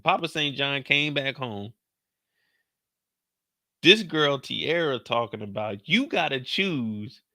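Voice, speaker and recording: Recapping a show in an animated, casual way, a young man riffs profanely and slides into the characters' dialogue. His voice is bright, forceful, and medium in pitch with some creakiness, and the recording is close and dry with no echo.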